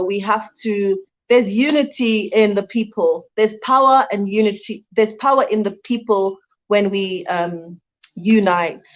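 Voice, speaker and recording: A woman's voice: medium pitch, dull audio. A Jamaican-born woman hosting a casual livestream from home, reading out viewer comments and laughing often. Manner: chatty, laughs often, thanks viewers warmly. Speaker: livestream host. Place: home in Rwanda.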